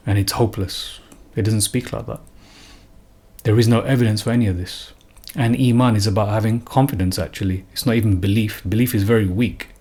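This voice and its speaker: Speaking off the cuff on religion, this male commentator has a fairly low, darkish voice. His manner is earnest and emphatic, with frequent repeated and restarted phrases.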